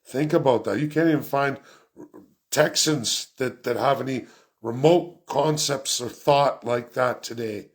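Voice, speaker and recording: A male vlogger with a mid-range voice gives an unscripted political rant, talking quickly and emphatically. He repeats phrases for effect throughout the monologue.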